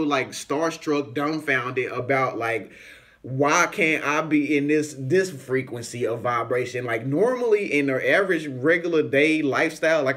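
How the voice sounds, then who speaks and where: Animated man telling a party story. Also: fairly high pitch. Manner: animated, acts out voices in anecdotes, frequent fillers. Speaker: YouTuber. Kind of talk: casual storytelling vlog.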